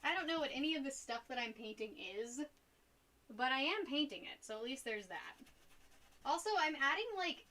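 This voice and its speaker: A woman's voice: high voice, expressive, normal speed, bright, forceful tone. A young woman chatting casually on a live stream while she paints, rambling and giggling between topics. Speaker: art streamer.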